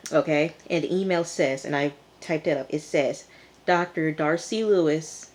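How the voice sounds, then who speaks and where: Chatty woman with a low-pitched voice. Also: a little mellow. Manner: chatty, rambling, with frequent fillers. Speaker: TV reviewer. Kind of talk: casual recap and review. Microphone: phone camera held in hand.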